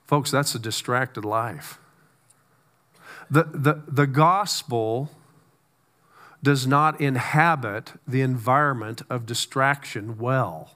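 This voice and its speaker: A man preaching a conversational sermon, with stammered restarts and slow, weighty emphasis on key words. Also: mid-range voice, sharp tone. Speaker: pastor.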